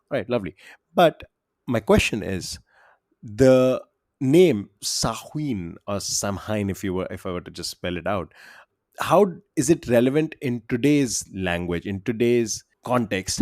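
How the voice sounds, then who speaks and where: A man's voice: on the low side, darkish tone, no room sound, studio quality. A man co-hosting a quiz podcast, chatting casually and laughing often.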